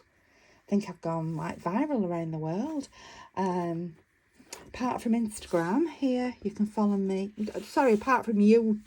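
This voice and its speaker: Chatty woman with a dark, mellow voice. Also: mid-range voice, lively intonation, unhurried. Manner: chatty, enthusiastic, rambling with fillers. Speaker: craft vlogger. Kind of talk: casual show-and-tell chat.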